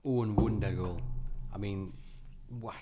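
A man chatting casually as host, eager and quick. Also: lowish voice, fairly even intonation, muffled recording, heavy background noise. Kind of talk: casual chat.

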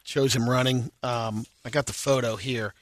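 A man co-hosting a radio show who tells a news story and presents video clips in a relaxed, chatty way. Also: medium pitch, moderate pace, no room sound, studio quality. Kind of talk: casual radio banter.

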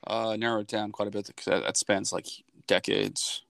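A man co-hosting a casual car podcast, easygoing and quick to laugh things off. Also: on the low side, little pitch movement, vocal fry, fairly bright tone, no echo, clean studio sound. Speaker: podcast co-host. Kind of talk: casual chat.

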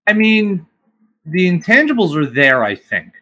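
A man's voice: high voice, big pitch swings, a little slow, pushed and bright. A man co-hosting a sports podcast, giving analytical opinions in casual chat with frequent ums. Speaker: podcast co-host.

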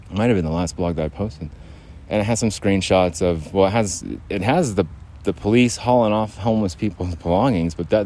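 A man's voice: low-pitched, a little mellow, slight background noise. A man hosting a solo podcast, talking in a rambling way, restarting his sentences and laughing at himself. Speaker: podcast host.

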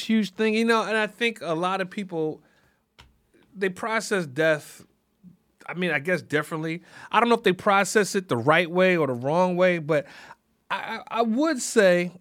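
In clean studio sound with no echo, a man with a high-pitched, fairly bright voice hosts a podcast. He rambles through a casual, reflective monologue, saying "you know" a lot and often restarting sentences.

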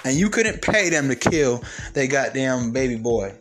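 A man hosting a solo podcast, delivering a heated, profane rant that keeps jumping to loud emphatic peaks. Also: medium pitch, big pitch swings, measured pace, faint music behind. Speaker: podcast host.

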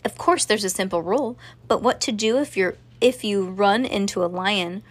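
A woman's voice: mid-range voice, normal speed, no room sound, lightly acted. A woman doing a pompous old lion tamer. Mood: lecturing.

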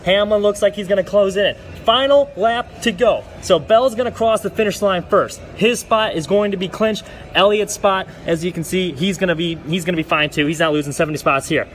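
High-voiced guy doing a hyped racing recap, faint street traffic behind him. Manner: fast, excitable, mocks drivers in put-on voices. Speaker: segment presenter. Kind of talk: excited sports recap rant.

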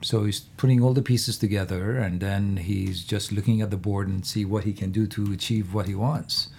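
A man talking as an actor guest in a casual interview, halting with many fillers and restarts. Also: on the low side, steady tone, creaky, darkish tone, slight background noise. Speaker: actor guest on a fan podcast.

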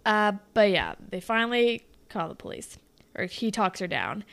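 A woman's voice: mid-range voice, sing-song, moderate pace, gravelly, a bit bright. A woman in casual chat, animatedly recapping a TV episode, swearing often and acting out the characters' lines. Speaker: podcast co-host recapping a TV episode.

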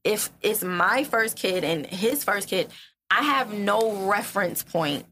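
A woman's voice: medium pitch, slow pace, a little hiss or hum. A woman co-hosting a podcast, telling stories animatedly and pushing back in casual chat. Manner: animated storytelling, interrupts to push back. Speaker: podcast co-host.

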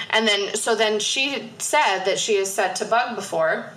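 A woman in her thirties, a therapist co-hosting a casual podcast, talking in an animated way with frequent swearing and laughter. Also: mid-range voice, measured pace, roomy sound, poor audio. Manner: animated, swearing, laughing often, acting out past selves. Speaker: podcast co-host. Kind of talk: casual chat.

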